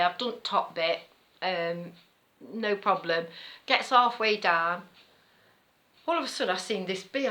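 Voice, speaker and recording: Telling a story with frequent laughter, this middle-aged East Midlands woman rambles in a casual way for her knitting vlog. Her voice is lowish, pushed and bright.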